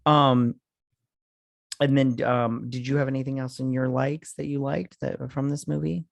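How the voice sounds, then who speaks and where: A man's voice: mid-range voice, little pitch movement, measured pace, creaky, no echo. A man co-hosting a casual movie review podcast, laid-back and drawling, swearing casually as he goes through his notes. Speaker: podcast co-host.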